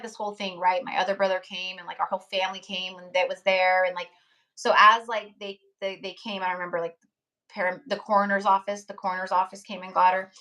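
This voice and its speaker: A young woman chats on a live tarot stream in a loose, heartfelt ramble, her pitch sitting in a middle range for a woman. She piles on fillers, "you know"s and restarts as she talks straight to her viewers. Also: pushed and bright. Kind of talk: casual live-stream chat.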